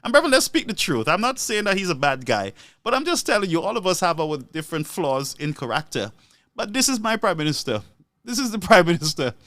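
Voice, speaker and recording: A man offers live political commentary, animated and laughing often between phrases while repeating words for emphasis. His voice sits high, a little fast, with no room sound.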